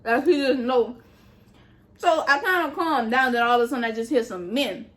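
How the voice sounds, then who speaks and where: Casual storytime vlog A woman tells her story in an animated, foul-mouthed way and keeps talking straight to her viewers. Her voice sits a little high for a woman, and she often drops into quieter, lower asides. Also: moderate pace. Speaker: vlogger.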